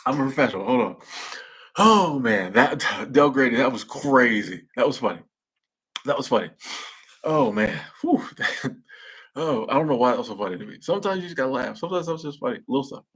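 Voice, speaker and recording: A man's voice: medium pitch, animated, brisk, fairly bright tone, slightly rough. A young man hosting a live stream, chatting casually with viewers in slangy speech and laughing at his own jokes. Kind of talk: casual chat reading viewer comments.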